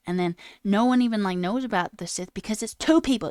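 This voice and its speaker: A woman streamer ranting in a casual, animated way, swearing and mocking voices in quotes. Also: lowish voice, fast talker, no echo. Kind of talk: casual live-stream rant. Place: home room.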